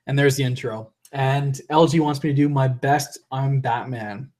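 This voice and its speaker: A man's voice: mid-range voice, steady tone, moderate pace, hardly any pauses, a little mellow. A young man hosting a live stream and reading viewer comments aloud. He rambles, restarts his sentences, laughs often, and is losing his voice. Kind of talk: casual live-stream chat.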